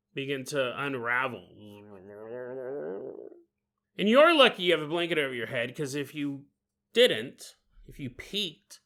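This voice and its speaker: A man's voice: on the high side, bright, forceful tone. A man hosting a podcast, telling a comedic horror story in a playful way, laughing often and acting out voices. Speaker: podcast host.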